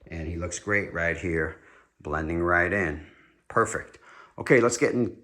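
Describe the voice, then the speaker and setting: A man's voice: low voice, unhurried, bright, forceful tone. A man with a New York accent giving an enthusiastic, rambling tour of his collection room at home. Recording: echoey room.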